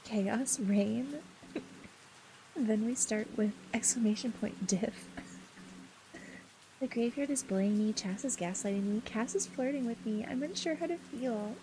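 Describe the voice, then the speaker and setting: Giggly woman streamer, rain behind. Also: vocal fry. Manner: giggly and playful, laughs often; squeals up high when flustered. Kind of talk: casual chat with a live stream audience. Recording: steady rain noise in the background.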